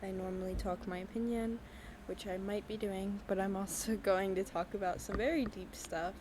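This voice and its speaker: A young woman hosting her own podcast, talking candidly in a halting, hesitant way with many pauses and ums. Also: mid-range voice, steady tone, background noise. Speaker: podcast host. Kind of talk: candid personal talk. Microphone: voice-only recording with a black screen.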